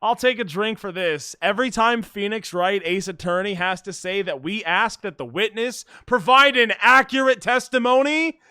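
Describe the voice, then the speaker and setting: A man's voice: sits high, normal speed, few pauses, bright, forceful tone, clean tone, dry recording. A man streaming a game, rambling and joking as he thinks aloud. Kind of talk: casual gameplay commentary. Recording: game music behind.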